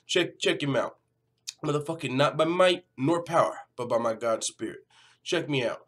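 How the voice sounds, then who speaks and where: Man, slightly high voice, casual vlog commentary, animated, profane. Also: normal speed. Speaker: MMA news channel host.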